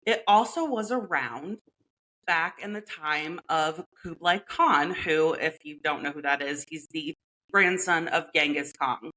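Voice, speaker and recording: A woman's voice: low voice, measured pace, pushed and bright, rough recording. A woman co-hosting a podcast in casual chat, playful and chatty, laughing often and leaning on "like". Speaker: podcast co-host.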